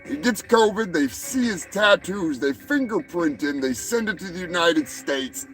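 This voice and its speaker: A man's voice: sits high, animated, measured pace, a bit bright, soft background music, poor audio. A male show host giving rambling, profane comedic commentary, often stumbling over and repeating his words.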